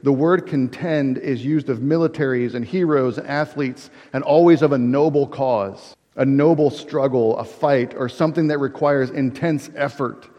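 A man's voice: mid-range voice, normal speed, hardly any pauses, mellow. A male pastor delivers an earnest sermon in a church sanctuary. His voice rings with long reverb and sounds a little dull and muffled. He poses rhetorical questions and restarts his phrases as he goes. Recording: dull reverberant hall recording.

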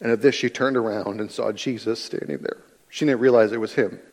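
A man's voice: lowish voice, fairly even intonation, brisk, darkish tone. A man preaching a sermon in a large church hall, reading scripture and explaining it in a conversational, emphatic way. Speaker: pastor. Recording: long reverb of a large hall.

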